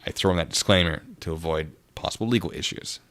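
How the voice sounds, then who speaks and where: Speaking fast in a deep voice, this streamer delivers sarcastic commentary into his desk mic. He's animated, laughs through joking asides, and pauses to read out chat messages and donations, thanking the donors.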